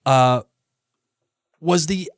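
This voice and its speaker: A man's voice: a little high, very slow, no room sound, studio quality. A man co-hosting a podcast, eagerly chatting about a TV episode, often restarting his sentences. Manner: enthusiastic, teasing, many restarts. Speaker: podcast co-host. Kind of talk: casual TV recap chat.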